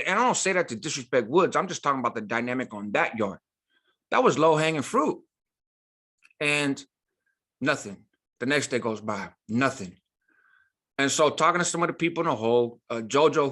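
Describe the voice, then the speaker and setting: A man's voice: medium pitch, sharp tone. Man telling a prison story emphatically. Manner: emphatic, street slang, frequent "right?" asides. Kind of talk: casual storytelling.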